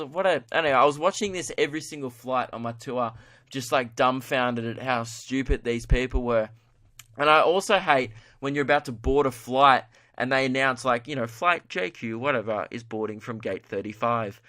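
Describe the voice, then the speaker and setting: A man's voice: medium pitch, a bit bright. An Australian man hosting a comedy podcast, telling stories in a casual rant, swearing freely and breaking into laughter as he acts out what people said. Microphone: podcast mic.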